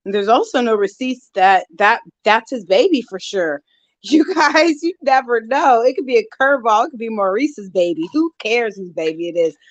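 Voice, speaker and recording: A woman's voice: on the high side, lively intonation, moderate pace, dry recording. A woman vlogger chatting casually on a live stream, greeting viewers and giving gossipy commentary on online drama, a bit winded. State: winded, out of breath. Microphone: phone. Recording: dull lo-fi, dry sound.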